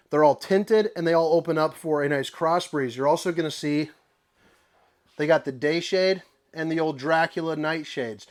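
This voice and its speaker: A young man selling RVs, giving an upbeat, rambling walkthrough tour of a trailer. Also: fairly high pitch. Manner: upbeat, enthusiastic, rambling asides. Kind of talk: casual product tour.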